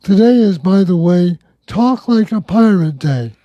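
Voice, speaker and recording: Dark-voiced male talk radio host. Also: high-pitched, expressive, unhurried, muffled recording. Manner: conversational, wry, reads news items.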